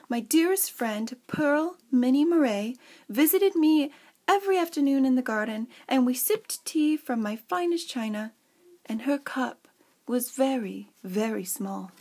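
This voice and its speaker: A woman's voice: high voice, animated, unhurried, a little mellow. A young adult woman casually showing her craft journal and reading its fairy story aloud with dramatic flair. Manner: reads story passages with dramatic flair, chatty asides.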